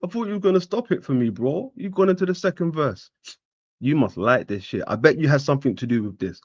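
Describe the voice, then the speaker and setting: Animated man exclaiming in reaction. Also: a little high, fast, no room sound, dull audio. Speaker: show co-host reacting. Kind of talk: casual reaction chat.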